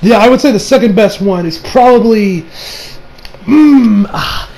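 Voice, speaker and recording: A man giving a casual, excitable anime review, rambling and swearing with bursts of loud laughter. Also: sits high, unhurried, rough recording. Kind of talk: casual reaction commentary.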